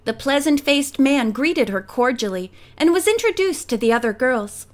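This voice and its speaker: A woman narrating a mystery audiobook in a clear, steady storytelling manner. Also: sits high, moderate pace. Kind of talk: audiobook reading.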